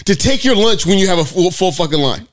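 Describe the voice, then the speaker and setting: A man co-hosting a podcast, telling profane, animated stories in casual banter. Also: high voice, fast talker. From Sacramento area. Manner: profane, animated storytelling with mock quotes. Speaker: podcast co-host.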